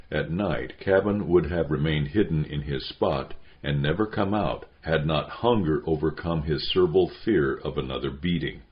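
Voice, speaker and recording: A man narrating an audiobook in a measured way, slowing down on grim details. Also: very deep voice, lo-fi sound. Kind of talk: scripted narration.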